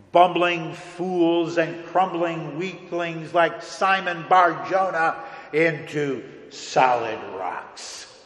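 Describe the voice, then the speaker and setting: A man preaching a sermon as a pastor, earnest and deliberate, with dramatic pauses, recorded in a church sanctuary. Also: on the high side, fairly bright tone. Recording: echoey hall with long reverb.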